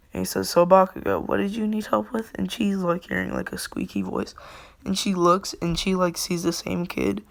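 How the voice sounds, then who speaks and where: A woman's voice: on the low side, gravelly. A young woman casually narrating a fan story, rambling and briefly acting out characters' lines.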